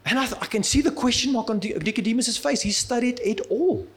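A man's voice: extremely high pitch, fast talker. A male preacher giving a sermon in a conversational, humorous storytelling manner.

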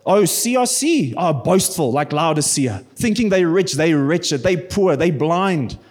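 A man's voice: a little high, expressive, a little slow, darkish tone. Man mocking a smug armchair church critic. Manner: sarcastic, sneering.

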